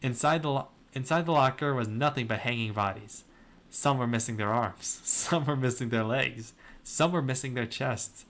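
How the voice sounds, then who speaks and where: A man's voice: medium pitch, normal speed, a bit bright. A young man hosting a video, reading fan fiction aloud in a dry comedic style with sarcastic asides. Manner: dry, breaks into laughter and asides. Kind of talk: comedic dramatic reading with commentary.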